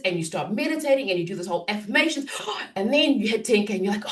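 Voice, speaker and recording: A woman business coach talking in a podcast interview, animated and acting out inner self-talk. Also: mid-range voice, quick pace, far from the mic.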